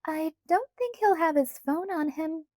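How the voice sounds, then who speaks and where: A woman's voice: very high voice, animated, a little slow, mellow, no echo, clean studio sound, voice pushed up. A woman voicing a playful, mischievous young woman with a teasing, innocent-sounding manner in an audiobook reading.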